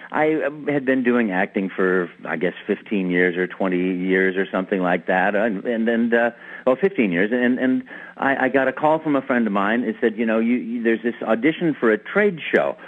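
Lively man telling stories over the phone. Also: medium pitch, moderate pace. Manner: animated, many repeated words and restarts. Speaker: voice actor guest. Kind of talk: casual interview storytelling. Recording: tinny phone-like radio line.

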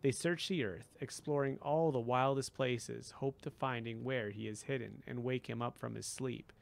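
A man's voice: medium pitch, fairly even intonation, moderate pace, gravelly, close to an everyday voice. A man voicing Grover, an earnest young satyr. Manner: mournful, turns indignant. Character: earnest young male satyr, gentle and idealistic.

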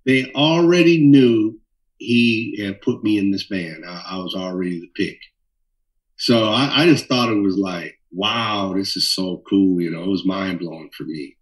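A middle-aged man from Minnesota, a bassist telling stories in an interview with lively animation. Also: measured pace, far from the mic, rough recording. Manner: animated storyteller, acts out voices in quotes. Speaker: bassist guest. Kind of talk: storytelling interview.

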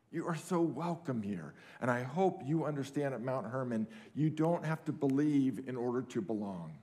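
A middle-aged man delivers a camp sermon in an earnest, steady voice of medium pitch. He drives points home by repeating short phrases. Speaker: camp speaker. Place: camp meeting hall.

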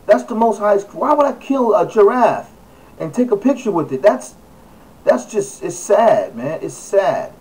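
A man talking to camera in a casual vlog, emphatic and halting, repeating his phrases and filling pauses with "uh" and "you know.". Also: sits high, expressive, a little mellow, distant mic, poor audio. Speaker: video blogger.

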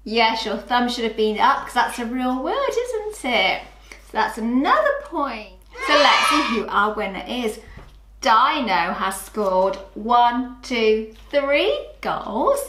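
Woman, phonics teacher, higher voice, very slow, echoey room. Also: very animated, fairly bright tone. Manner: slow, sing-song, clearly sounds out letters. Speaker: early years phonics teacher. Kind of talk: children's phonics lesson.

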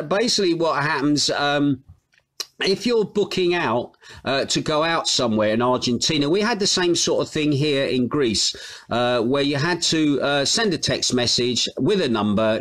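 A man's voice: on the high side, a bit bright. A British man hosting a casual live stream from home, rambling and chuckling as he reads out viewers' comments. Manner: chatty, rambling, chuckles often.

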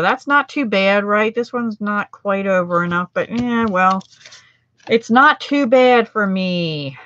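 A woman's voice: medium pitch, fairly bright tone, lo-fi sound. Chatty self-deprecating woman crafting live. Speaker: card-making demonstrator. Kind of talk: livestream craft demo, chatting with viewers.

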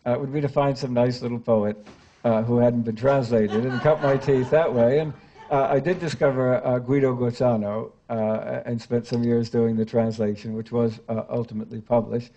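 An older American man reading verse translations aloud in a grave, measured way that sinks to a hush, then chatting with the audience with many fillers. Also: mid-range voice, steady tone, dull audio. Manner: chatty and hesitant with many fillers when speaking off the page. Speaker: literary translator giving a public reading. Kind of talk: poetry reading and audience talk. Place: public lecture event before an audience.

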